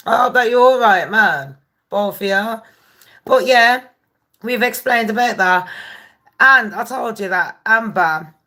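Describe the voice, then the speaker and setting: A woman's voice: mid-range voice, a bit bright. A woman hosting a gossip live stream, chatting casually, swearing freely and greeting viewers by name. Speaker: gossip channel host.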